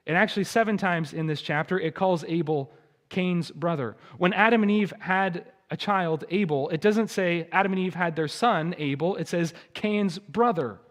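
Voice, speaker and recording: A male pastor preaching a sermon, shifting from quiet explanation to loud emphatic warnings and speaking at times to the children. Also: sits high, moderate pace, long reverb tail. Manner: addresses children in the congregation. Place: church sanctuary.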